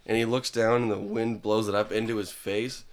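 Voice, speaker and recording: A man's voice: fairly low pitch, moderate pace. A man on a casual podcast, cracking crude jokes and telling his own anecdotes. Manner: crude joking interjections, lively. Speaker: podcast co-host or guest.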